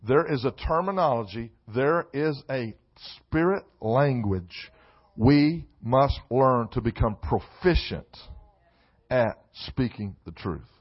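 A man preaching a sermon in a church, mixing loud emphatic lines with comic asides. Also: medium pitch, expressive, slow pace, slightly rough, lo-fi sound. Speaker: pastor. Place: church sanctuary.

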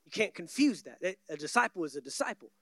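A man's voice: high voice, sing-song, a little fast, fairly bright tone, no echo. A man preaching a sermon from a church stage, emphatic and repeating key words for stress. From United States.

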